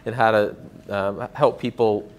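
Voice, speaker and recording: A man's voice: fairly low pitch, fairly even intonation, a little hiss or hum. A man hosting a small event, introducing the next speaker casually with many restarts. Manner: halting, full of restarts.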